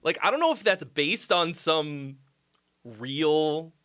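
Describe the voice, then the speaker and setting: Lively, bright-voiced male streamer. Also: on the high side, slow. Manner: rambling, profane, easily excited; reads viewer comments aloud and replies. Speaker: livestream host giving song critiques. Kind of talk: casual live-stream chat.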